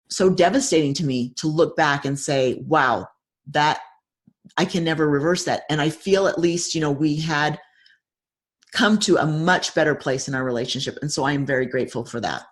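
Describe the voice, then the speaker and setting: A middle-aged woman speaking as an interview guest, reflective and measured, often restarting her sentences. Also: low-pitched, slightly rough. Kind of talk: personal interview conversation.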